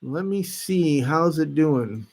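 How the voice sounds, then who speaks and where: Halting, easygoing man hosting a livestream. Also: a little high, animated, vocal fry, a little mellow. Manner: halting, many restarts, greets commenters. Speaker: livestream host reading chat. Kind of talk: casual live chat.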